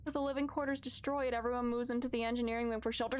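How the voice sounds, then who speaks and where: A woman with a high voice streams a story game, reading its text aloud in an even, narrating tone. She often breaks off to react, crying out in open distress at what happens on screen. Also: rapid-fire, hardly any pauses. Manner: expressive, shifts from calm reading to loud distressed outbursts.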